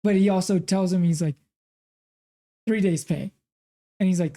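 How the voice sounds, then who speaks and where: A man's voice: high voice, normal speed, warm tone. A man co-hosting a film podcast, retelling scenes in a rambling, casual way with lots of fillers. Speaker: podcast co-host. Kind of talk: casual film review chat.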